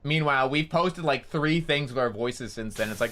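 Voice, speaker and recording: Bright-voiced, profane male streamer. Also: normal speed, hardly any pauses, slight background noise. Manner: profane, excitable, jumps into high-pitched outbursts. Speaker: VTuber streamer. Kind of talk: casual livestream chat while gaming.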